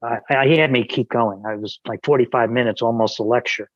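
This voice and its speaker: A man's voice: mid-range voice, brisk, no echo, dull audio. A man, a podcast guest, telling an anecdote in casual conversation, with many restarts and quoted dialogue.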